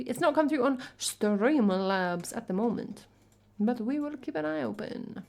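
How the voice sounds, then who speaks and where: A woman's voice: fairly high pitch, animated, unhurried, vocal fry, few pauses, a little mellow. An English woman from England, a music streamer chatting casually between songs, reading chat and thanking viewers in a chatty, self-deprecating way.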